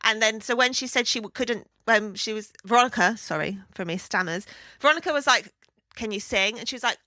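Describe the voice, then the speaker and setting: A woman's voice: a little high, quick pace, bright, forceful tone, no room sound. A woman in her thirties co-hosting a podcast, giggly and full of dry quips. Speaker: podcast co-host. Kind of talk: casual chat.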